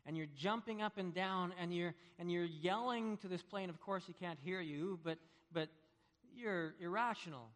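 A man preaching a sermon, telling vivid stories that swing between hushed and loud. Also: high-pitched, moderate pace. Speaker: pastor. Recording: long reverb of a large hall.

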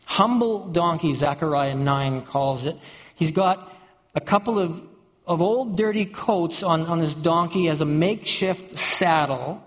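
High-voiced preacher in a reverberant hall. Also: male voice. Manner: storytelling, repeats words as he builds images. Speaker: pastor. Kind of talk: sermon. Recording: dull sound with long hall reverb.

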